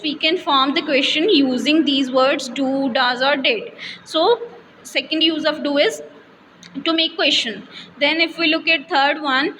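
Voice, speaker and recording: A woman teacher with an Indian English accent walks through a grammar lesson step by step, reading example sentences aloud. Her voice sits high. The room rings with a long reverb over a faint hiss. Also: sharp tone. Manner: explains step by step, reads example sentences aloud, frequent fillers.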